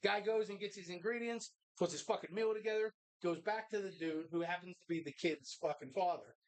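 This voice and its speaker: A co-host on a live talk show recorded in a bar, swearing constantly while retelling a movie in animated detail. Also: mid-range voice, brisk. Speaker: podcast co-host.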